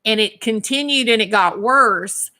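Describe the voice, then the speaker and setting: A woman's voice: a little high, measured pace, bright, forceful tone. A Southern woman hosting a livestream, talking straight to commenters by name in an emphatic, indignant way. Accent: Southern American. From American South. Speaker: YouTube channel host reading live chat. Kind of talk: casual livestream chat.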